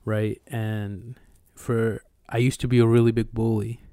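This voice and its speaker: Speaking a little slowly, a young man who co-hosts a podcast shares a personal story full of swearing and energy. The sound is dry, close to the mic, and free of echo, and his clear, smooth voice holds a fairly steady pitch.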